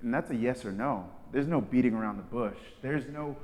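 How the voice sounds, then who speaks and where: A man delivering a sermon as a preacher in a casual, slangy way, swinging between loud emphatic lines and soft hushed asides. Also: mid-range voice, a little fast, few pauses. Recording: long hall reverb.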